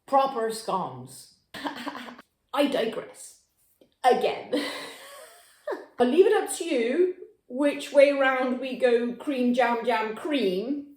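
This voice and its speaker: A woman's voice: high-pitched, slow pace, pauses often, darkish tone. A woman from Devon hosting a cooking vlog from her home kitchen, chatty and playful, rambling off topic as she talks. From Devon, England. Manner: rambling, playful, self-described natterer. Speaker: cooking channel host. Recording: echoey kitchen.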